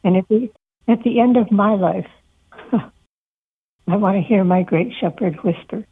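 A woman, a shepherd and author, telling heartfelt stories gently as a guest in a radio interview. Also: medium pitch, a little slow, long pauses, breathy edge. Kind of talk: personal testimony in an interview. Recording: tinny phone line.

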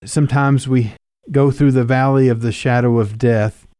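A man's voice: mid-range voice, fairly even intonation, normal speed, dark tone, clear, resonant tone, no echo, clean studio sound. A man hosting a Christian radio interview, speaking earnestly and reflectively and drawing on scripture. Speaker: radio show host.

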